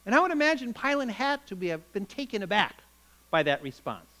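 A man preaching, his voice high and bright as he tells the story with drama and emphasis. His pitch swings widely, rising and falling with every turn. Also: sing-song, brisk, poor audio. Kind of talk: sermon.

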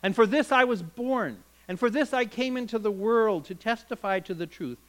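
A man voicing a calm, condemned prisoner who answers his judge in quiet, measured words. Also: high voice, pitched above the performer's own voice. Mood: solemn. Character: calm prisoner claiming a heavenly kingdom, man.

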